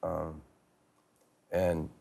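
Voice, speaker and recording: Low-voiced man in his fifties, ex-athlete guest, hesitant and candid. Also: monotone, vocal fry, mellow. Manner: halting, many fillers and restarts. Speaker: guest, former hockey player. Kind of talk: candid interview storytelling. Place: TV studio.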